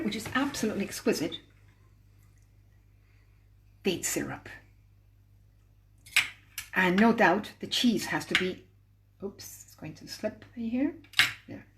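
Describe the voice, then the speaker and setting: A woman host teaching a cooking demonstration live, explaining each step patiently while she works with her hands. She sounds set back from the microphone in an echoey room, with a faint hum of ambience behind her. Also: mid-range voice. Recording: roomy, distant mic with faint ambience.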